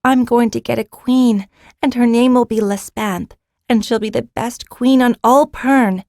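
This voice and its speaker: A woman voicing a bold, eager young girl with the sight in an audiobook, proud and quick to exclaim. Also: on the high side, fairly even intonation, warm tone, no echo, studio quality, voice pushed up. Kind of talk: audiobook character reading.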